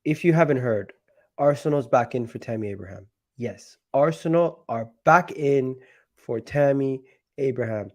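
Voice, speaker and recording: A man hosting a casual football talk show, sounding sick and nasal, talking haltingly with many restarts. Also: medium pitch, darkish tone. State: sick, nasal and deeper than usual. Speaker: football channel host.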